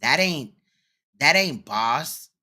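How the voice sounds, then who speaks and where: A woman's voice: deep voice, animated, slow, bright, forceful tone. A woman hosting reaction commentary, blunt, mocking and profane. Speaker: commentary host.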